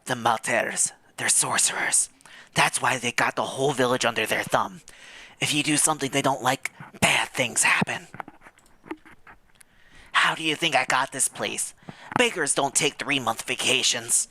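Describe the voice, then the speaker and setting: A man's voice: mid-range voice, moderate pace, sharp tone. A man voicing a middle-aged village baker woman who is wary and gossipy, speaking in a confiding, cautious way while reading a story game aloud.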